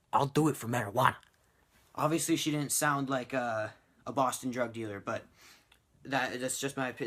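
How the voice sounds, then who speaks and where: Rambling teenage guy telling a story. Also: mid-range voice. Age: teens. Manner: rambling, animated storytelling with frequent fillers. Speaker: vlogger. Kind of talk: casual storytime vlog.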